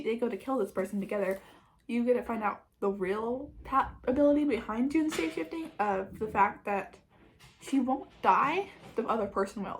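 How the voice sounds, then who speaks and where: A woman chatting casually as a book reviewer, summarising a plot with frequent "like" and quick restarts. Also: mid-range voice, a little hiss or hum, poor audio.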